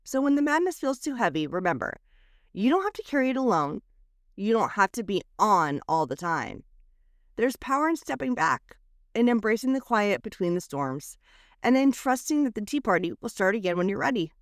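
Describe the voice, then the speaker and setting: With a mid-range voice and a moderate pace, a woman podcast host reads a reflective letter from a script. Soothing yet expressive, she alternates lifted lines with hushed ones, and the recording is clean studio audio without echo.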